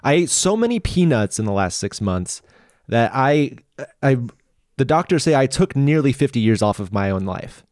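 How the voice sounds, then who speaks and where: A man co-hosting a comedic podcast, talking in a deadpan, mock-serious way about his own script. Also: mid-range voice, normal speed, no echo, clean studio sound. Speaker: podcast co-host and script writer.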